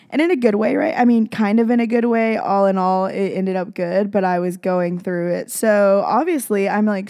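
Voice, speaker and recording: A young woman talks through a casual, confessional podcast episode, gushing and rambling with plenty of "like" and "freaking." Her voice has a gravelly fry at the ends of phrases. It sits close to the mic in a dry, deadened room. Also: medium pitch, darkish tone, no room sound. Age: young adult. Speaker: podcast host.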